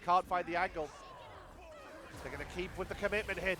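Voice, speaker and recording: A man casting a competitive video game match live, giving rapid play-by-play and chatting about viewer comments. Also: sits high, slight background noise. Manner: rapid excited play-by-play, talks to chat. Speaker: esports caster.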